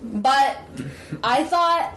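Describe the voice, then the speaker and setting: A woman's voice: sits high, expressive, extremely slow, fairly bright tone, a little hiss or hum. A young adult woman co-hosting a casual podcast, telling stories in a chatty, laughing way and swearing freely. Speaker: podcast co-host. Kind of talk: casual chat.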